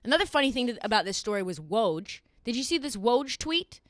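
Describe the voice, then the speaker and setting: A young woman hosting a sports podcast, talking in a casual, sarcastic and animated way. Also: on the high side, no room sound, clean studio sound. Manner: animated, sarcastic, quick asides. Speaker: podcast host.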